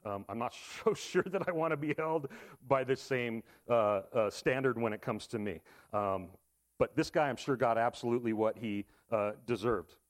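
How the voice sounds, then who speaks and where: A man's voice: mid-range voice, normal speed. A man preaching a sermon in a casual, conversational way, with asides and rhetorical questions. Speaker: pastor.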